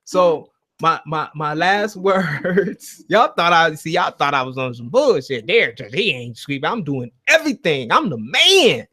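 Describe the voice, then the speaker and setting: Speaking with a slightly raised pitch, a man hosts a loose call-in livestream. He's animated and sharp-toned at a measured pace, preaching emphatically, swearing freely and repeatedly turning to his viewers and their chat.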